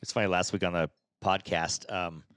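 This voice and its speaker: A man's voice: deep voice, steady tone, moderate pace, music in the background. A man with a nasal voice, co-hosting a podcast in a rambling, jokey, casual way. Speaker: podcast co-host. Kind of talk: casual chat.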